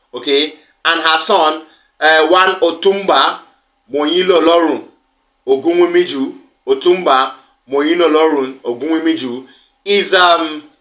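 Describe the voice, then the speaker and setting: A man's voice: mid-range voice, a bit bright. A man delivering an online political news commentary, emphatic and pressing with indignant questions.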